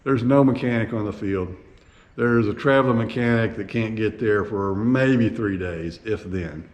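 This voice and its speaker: A man hosting his own flying vlog, telling a travel story in a casual, animated way with plenty of fillers and restarts. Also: fairly low pitch, unhurried. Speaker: vlog host and private pilot.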